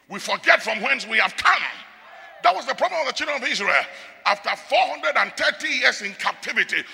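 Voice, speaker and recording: A high, very sharp male voice with heavy gravel in it, rising and falling widely as he preaches. He drops low and soft, then bursts out into shouts. The sound rings out with a long reverb, as in a large church hall. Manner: swings from quiet to shouting; speaks in tongues. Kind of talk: sermon.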